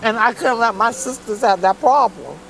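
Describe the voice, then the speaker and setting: A woman's voice: on the high side, moderate pace, slight background noise, low-quality recording. A woman from Brooklyn, a guest in an interview, tells her own hard life story candidly and emotionally in blunt street-style speech. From Brooklyn, New York. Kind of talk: personal testimony in an interview.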